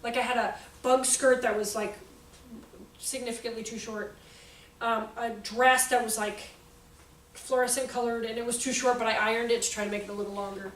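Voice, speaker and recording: Animated woman speaking in an echoey hall. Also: a little high, fairly quick. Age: 40s. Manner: animated, jokey, acts out quotes. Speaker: speaker on child behavior. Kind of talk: talk to an audience. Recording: echoey hall, voice from far off, faint noise.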